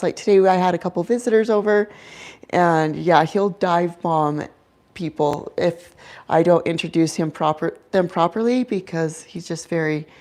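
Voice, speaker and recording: A woman's voice: on the low side, dark tone. A young woman chatting casually on her livestream about her pet owl, with giggles and lots of "like" fillers. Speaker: owl keeper and channel host.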